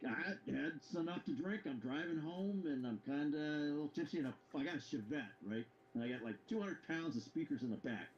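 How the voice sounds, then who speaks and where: A man's voice: a little high, animated, a little fast, few pauses, muffled recording, slight background noise. A man in casual chat, telling a story with animation and chuckling as he goes. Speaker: co-host.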